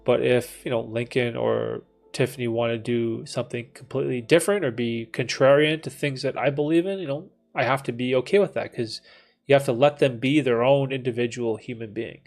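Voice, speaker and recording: A man's voice: medium pitch, steady tone, fairly quick, creaky, darkish tone. A man in his thirties hosting a livestream, reading chat and talking in a casual, laid-back way, with frequent dude and bro and some swearing. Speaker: livestream host answering chat.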